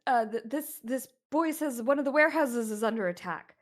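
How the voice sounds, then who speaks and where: Woman doing a loud bossy stable groom, middle-aged guy. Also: fairly high pitch, a little fast, pitched above the performer's own voice, natural voice. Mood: brisk.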